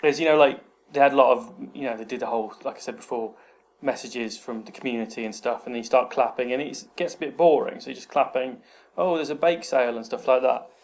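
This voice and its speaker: Gravelly guy rambling through stories. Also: mid-range voice, fast, a little mellow. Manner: rambling storyteller, acts out quoted people. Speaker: podcast co-host. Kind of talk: casual chat. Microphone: remote call mic.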